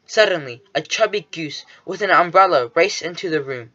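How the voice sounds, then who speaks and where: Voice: mid-range voice, expressive, moderate pace, hardly any pauses, a bit bright, lo-fi sound. A reader narrating a children's storybook in the first person, with a nervous, fussy manner. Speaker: audiobook narrator.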